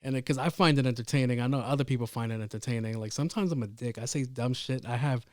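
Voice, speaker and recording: A man hosting a casual solo podcast, telling a story about his day in a profane, rambling, animated way. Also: mid-range voice, quick pace, no echo, studio quality. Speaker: podcast host.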